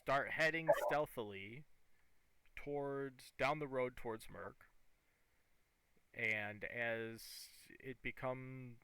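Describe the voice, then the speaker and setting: A man acting as game master for a tabletop game, describing scenes and calling for rolls in a relaxed way. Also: mid-range voice, slow, long pauses, low-quality recording.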